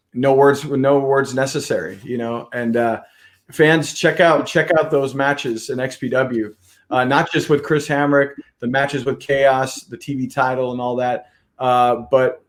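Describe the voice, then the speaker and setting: A man hosting an interview podcast, talking casually with lots of restarts. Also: medium pitch. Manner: rambling, many fillers and restarts. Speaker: podcast host.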